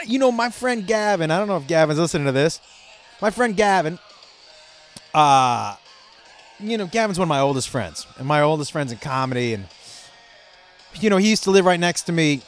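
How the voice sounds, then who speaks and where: A man hosting a comedy podcast, telling stories in a profane, animated way and laughing at his own jokes. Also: a little high, moderate pace, long pauses. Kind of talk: casual comedic monologue. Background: faint rock music playing.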